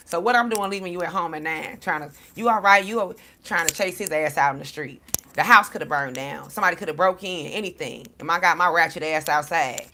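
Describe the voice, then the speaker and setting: Blunt, preachy woman with a sharp voice. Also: lowish voice, a little hiss or hum. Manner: animated storytelling to viewers. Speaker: spiritual tarot reader. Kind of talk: casual livestream talk.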